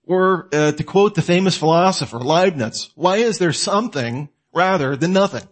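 Animated man lecturing to the listener. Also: a little high, normal speed. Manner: animated, asks the listener questions and answers them himself. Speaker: apologetics teacher. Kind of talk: conversational lecture.

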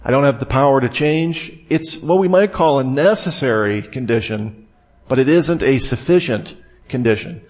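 A man giving expository Bible teaching, explaining a passage step by step and reading scripture aloud in a measured way. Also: medium pitch, a little mellow.

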